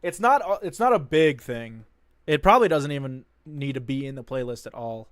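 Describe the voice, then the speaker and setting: A man's voice: medium pitch, animated, moderate pace, a bit bright, smooth, no echo, clean studio sound. A young man casually reacting on a live stream, rambling and enthusiastic, repeating himself.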